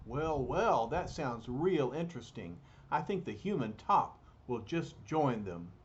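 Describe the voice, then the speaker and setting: A man voicing a smug, sneaky male spy who brags quietly to himself. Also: medium pitch, very animated, measured pace, husky, dull audio. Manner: smug, sly.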